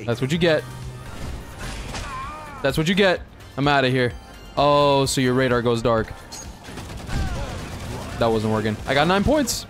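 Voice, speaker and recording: A young man giving excitable, laugh-filled commentary while playing a shooter game. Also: mid-range voice, slow, pauses often. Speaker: gaming YouTuber. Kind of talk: casual gameplay commentary. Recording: music heard behind. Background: game music and gunfire.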